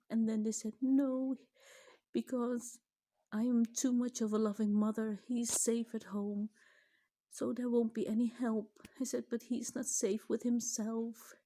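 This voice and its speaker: A middle-aged mother records an emotional personal vlog in a mellow, fairly high voice. She is tearful and close to crying, her voice shaky and breaking, sometimes sinking to a whisper.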